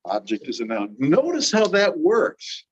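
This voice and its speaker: A man's voice: on the high side, huge pitch swings, a little slow, slightly rough. Man, grammar teacher, patient, calls on students, lo-fi classroom audio.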